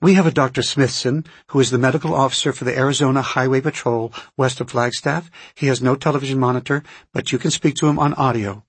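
A crisp young switchboard operator answers efficiently and briskly, as a man reading an audiobook puts her on. The voice is pitched up and slightly raspy. The sound is close and dry. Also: steady tone, no echo.

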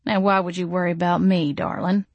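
A woman's voice: lowish voice, steady tone, fairly quick, gravelly, dry recording, muffled recording. A woman voicing a sardonic male vampire who mocks in a nasty, sweet tone. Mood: sarcastic. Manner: mocking, sarcastic.

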